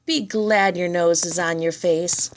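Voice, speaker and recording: A woman reading children's poems aloud, in a lively and expressive read-aloud manner. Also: on the low side, measured pace. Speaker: reader.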